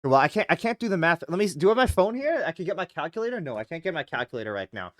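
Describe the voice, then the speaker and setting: A lively streamer whose pitch jumps all over as they chat to viewers and read story text aloud. They ramble in loose, excitable bursts full of "like". The voice sits close and dry on a desk mic, with no room sound. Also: no room sound. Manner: animated and rambling, full of "like" and quick laughs. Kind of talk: casual live-stream chat while reading a visual novel aloud.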